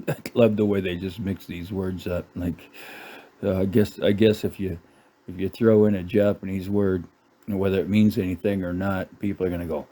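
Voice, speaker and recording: A man's voice: deep voice, steady tone, normal speed, dark tone. A middle-aged man ranting sarcastically about a menu, cursing and laughing at his own jokes. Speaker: channel host. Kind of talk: casual ranting commentary.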